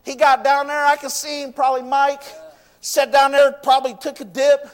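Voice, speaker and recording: High-voiced fervent man preaching. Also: completely flat delivery, moderate pace. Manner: fervent, repeats "you know what" and "I tell you". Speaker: pastor. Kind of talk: sermon. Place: church. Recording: long reverb of a church hall.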